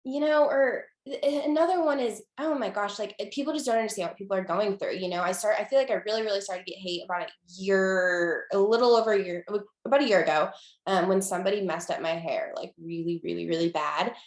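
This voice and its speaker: A young woman talking casually as an interview guest, with lots of fillers and restarts, getting lively when she quotes people. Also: medium pitch, fast talker, echoey room.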